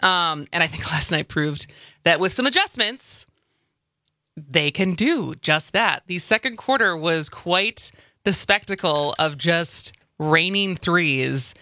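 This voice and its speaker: A woman's voice: on the low side, expressive, slow pace, bright, forceful tone, dry recording. A woman co-hosting a talk radio show, chatting casually and rambling with frequent laughs. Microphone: studio microphone.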